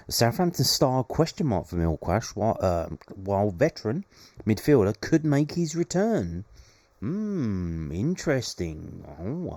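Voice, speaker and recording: Low-voiced man reading football news. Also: a little mellow, dry recording. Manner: reads news with sarcastic asides. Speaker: podcast host. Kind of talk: casual daily news podcast.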